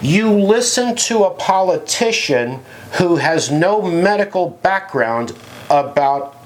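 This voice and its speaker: Animated sarcastic man ranting. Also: high voice, slow pace, a little hiss or hum. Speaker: podcast co-host. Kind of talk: casual podcast chat.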